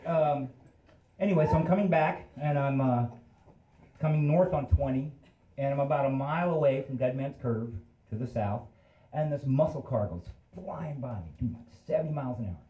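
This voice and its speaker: A man's voice: medium pitch, normal speed, reverberant, highs cut off. A man in his fifties telling a story on a live stage in a casual, rambling, self-deprecating way. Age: 50s.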